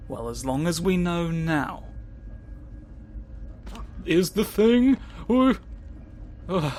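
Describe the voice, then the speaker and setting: Slow, sardonic man. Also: a little high, big pitch swings, darkish tone, slight background noise. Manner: sardonic, grumbling at the game, swearing. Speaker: let's play commentator. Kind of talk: gameplay commentary.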